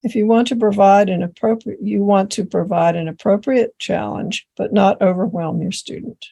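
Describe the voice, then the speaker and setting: A woman's voice: medium pitch, fairly even intonation, moderate pace, vocal fry, mellow. A woman giving a tutor training presentation, explaining a reading exercise step by step. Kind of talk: instructional presentation.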